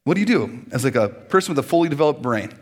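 Animated joking male preacher. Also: mid-range voice, racing. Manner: animated, joking, acts out little scenes.

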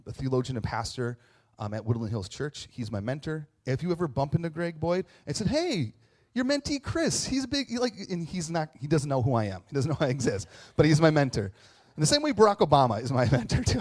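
A man delivering a conversational sermon as a pastor, telling stories with joking asides and plenty of fillers. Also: mid-range voice. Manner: conversational, self-deprecating, lively storytelling with asides and fillers.

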